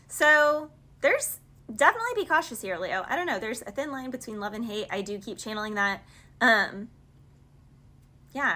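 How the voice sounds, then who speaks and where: A woman gives a casual tarot reading, rambling and chatty, acting out little back-and-forth arguments and paraphrasing song lyrics in the dialogue. Her voice is a little high, expressive, bright and pushed, at a normal speed.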